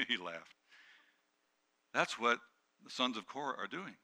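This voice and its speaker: A middle-aged male pastor preaching a sermon, dropping to hushed tones and then rising to loud, emphatic peaks. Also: medium pitch, big pitch swings, slow. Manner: dynamic preaching, swings from hushed to shouting.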